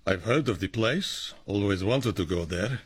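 A man's voice: on the low side, animated, unhurried, husky. An actor playing an eager male undercover agent who answers in stiff, formal, faintly comic lines, putting on a solemn soldier act. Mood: mock-solemn.

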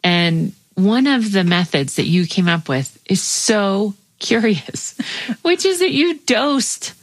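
A woman's voice: medium pitch, sing-song, slow pace, no room sound. A woman interviewer asking curious, wry questions in a conversation.

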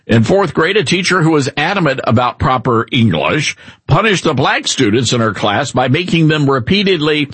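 A man hosting a talk show, reading a passage aloud before turning to question his co-host. His voice sits a little high and is strongly husky. His pitch moves a lot, and the sound is dry and close. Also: expressive, normal speed, fairly bright tone, dry recording.

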